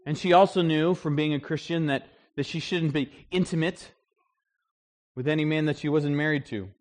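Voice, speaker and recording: A man preaching a sermon in an animated way, acting out the voices he quotes. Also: a little high, moderate pace. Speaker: pastor.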